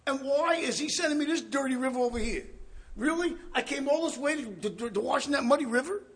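A man's voice: very high voice, fairly quick, a bit bright, pitched above the performer's own voice. A preacher acting out a proud, boastful male army commander who shows off and takes offence. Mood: indignant. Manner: brash, showing off, indignant.

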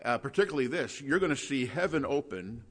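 A man's voice: medium pitch, expressive, a little fast, fairly bright tone. Conversational male preacher teaching scripture. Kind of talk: verse-by-verse Bible teaching.

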